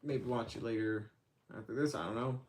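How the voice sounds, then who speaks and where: A man's voice: mid-range voice, a little fast, slight background noise. A man hosting his own livestream, chatting casually with lots of fillers and restarts. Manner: rambling, hesitant, many fillers. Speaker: channel host.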